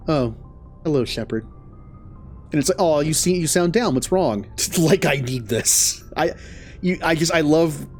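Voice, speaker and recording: A male streamer talking casually over his gameplay. He rambles and laughs between thoughts. His pitch is mid-range. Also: darkish tone. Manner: chatty, laughing, rambling asides.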